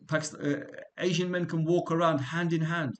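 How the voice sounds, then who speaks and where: A man's voice: fairly high pitch, little pitch movement, moderate pace. A man from England teaching a small class in an informal, conversational way. He wanders into side stories and asks the room questions as he goes. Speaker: religious studies teacher.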